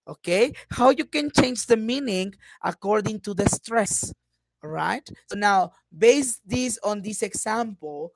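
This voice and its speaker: Slow, patient woman teaching a class. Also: mid-range voice, animated, no echo, rough recording. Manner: patient, encouraging, with frequent uh-huhs. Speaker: English teacher.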